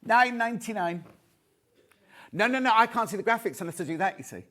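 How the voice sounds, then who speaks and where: Male live shopping-TV host, fairly high voice, chatty and camp, quick with a joke. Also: lively intonation, pushed and bright. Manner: chatty, camp and jokey, reads out viewer messages. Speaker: shopping channel presenter.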